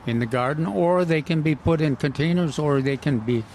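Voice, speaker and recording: A man talks through garden advice in a gravelly voice, full of "uh"s and restarts. His casual radio chat is recorded outdoors at a nursery, with faint background noise. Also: a little high, darkish tone. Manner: halting, many fillers and restarts. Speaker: gardening show co-host.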